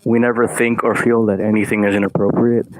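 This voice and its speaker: A man's voice: on the low side, flat delivery, brisk, background noise. A man vlogging in a loose, meandering monologue, full of "like" and casual swearing.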